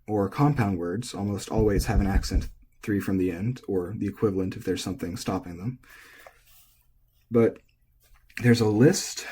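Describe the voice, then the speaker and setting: Relaxed male teacher with a low, mellow voice, explaining casually and correcting himself mid-thought. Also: breathy edge. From United States. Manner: relaxed, thinking aloud, self-correcting. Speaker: language teacher.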